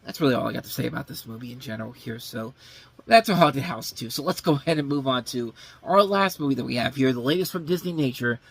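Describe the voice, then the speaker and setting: A man's voice: mid-range voice, fast, creaky, breathy edge. A man hosting a film review show, talking casually in a blunt, sarcastic way, swearing freely and rambling with frequent self-corrections. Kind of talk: casual unscripted movie review.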